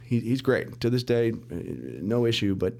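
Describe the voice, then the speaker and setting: A middle-aged man, a mortgage lender, telling his story as a podcast guest in an animated way, acting out the dialogue and laughing as he goes. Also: mid-range voice, moderate pace. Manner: animated storyteller, acts out quoted dialogue, restarts and laughs often. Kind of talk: casual storytelling interview.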